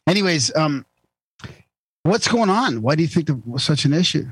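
A man's voice: on the high side, very animated, normal speed, husky, no room sound, rough recording. A man co-hosting a podcast, reacting with exclamations and questions in a casual chat. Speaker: podcast co-host.

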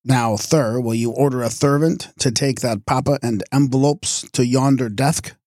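A man's voice: moderate pace, a little mellow, no echo, studio quality, natural voice. A man voicing a foppish rich young man who puts on an affected lisp and orders the staff about. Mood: haughty. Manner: haughty, lisping, high-handed.

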